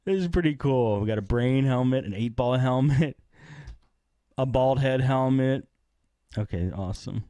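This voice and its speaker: A man co-hosting a casual podcast, laughing a lot and asking quick questions. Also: mid-range voice, mellow, no echo. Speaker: podcast co-host. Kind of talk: casual chat.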